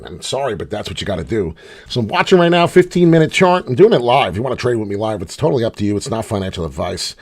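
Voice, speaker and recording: A middle-aged man talks through his trades live in a loose, unscripted way. He swears freely and bounces between loud, exasperated outbursts and low, muttered grumbles. His pitch swings widely from line to line. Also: very animated, quick pace, slightly rough. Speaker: crypto trading channel host. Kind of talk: live casual trading commentary.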